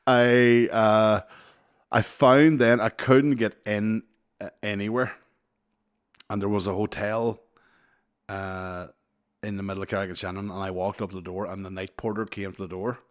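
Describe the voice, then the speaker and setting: A man's voice: fairly low pitch, moderate pace, pauses often, smooth. A man in his thirties, casually telling a long funny story on a podcast, swearing often and laughing as he goes. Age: 30s. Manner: animated, swears a lot, laughs mid-story. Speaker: podcast co-host.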